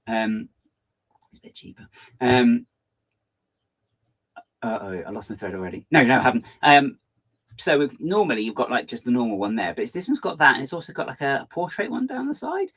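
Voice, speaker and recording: A man hosts a casual live stream, talking quickly and excitedly and jumping from one tangent to the next. His pitch swings up and down a lot, and his tone stays chatty and loose. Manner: fast, hyper and rambling. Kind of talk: casual live-stream chat, reading viewer comments.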